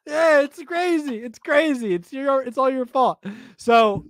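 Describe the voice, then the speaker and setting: A man co-hosting a baseball podcast in a casual, animated chat, rambling and often repeating himself. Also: extremely high pitch, measured pace, no room sound, studio quality. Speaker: podcast co-host.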